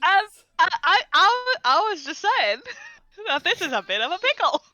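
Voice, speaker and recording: Woman player, high voice, lively pitch, playful, giggly. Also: a little slow, dull audio. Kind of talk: casual tabletop game chat.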